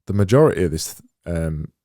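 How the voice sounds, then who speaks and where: During a thinking-aloud livestream of his design work, a man rambles slowly in a deep, mellow voice with lively intonation. He mutters to himself and frequently pokes fun at himself, recorded close and dry.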